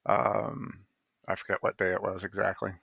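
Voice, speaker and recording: A man's voice: low voice, flat delivery, normal speed, gravelly, bright, forceful tone, husky, no echo. A man telling how he came to write a poem, in a rambling casual monologue full of fillers and restarts, blunt and now and then swearing.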